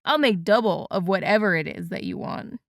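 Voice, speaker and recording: A woman's voice: mid-range voice, expressive, a little fast, vocal fry, no echo, studio quality. A woman voicing a joking adult man with a playful, teasing manner in an audiobook. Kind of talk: audiobook character voice.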